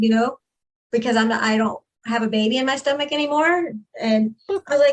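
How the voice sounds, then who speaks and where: Podcast guest, woman, higher register, emphatic and animated storyteller. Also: fairly quick. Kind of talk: personal storytelling in a podcast interview.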